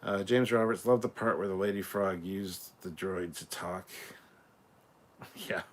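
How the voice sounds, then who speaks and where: Deep-voiced Scottish man chatting loosely. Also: fairly even intonation, measured pace. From Scotland. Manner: laid-back, chatty, swears freely. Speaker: live-stream host. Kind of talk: casual live reaction stream, reading viewer comments.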